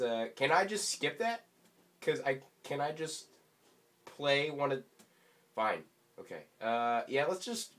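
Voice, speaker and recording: A young man talks through a video game in loose, unhurried commentary, his pitch leaping up and down as he reacts. He mocks himself and bursts into high yelps, and his voice sounds a little stuffy from allergies. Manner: rambling, self-mocking, sudden excited yelps. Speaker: gaming YouTuber. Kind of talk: let's play commentary.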